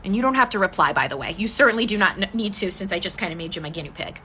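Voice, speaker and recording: A woman speaking as a decluttering coach in a live coaching talk, gently guiding listeners through reflection and answering their comments. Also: mid-range voice, expressive, racing, a little hiss or hum. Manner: gentle, inviting, reads viewer comments aloud.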